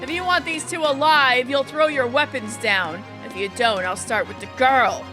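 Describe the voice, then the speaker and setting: A woman's voice: high-pitched, moderate pace, over music, lightly acted. A woman voicing a cruel male bandit who threatens hostages in a video game. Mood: menacing. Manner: threatening, gloating.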